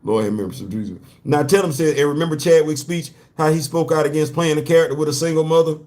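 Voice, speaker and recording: A man's voice: on the high side, level tone, quick pace, darkish tone. A man hosting a casual comic-book commentary show, talking animatedly in slang, repeating his points and laughing often. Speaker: host.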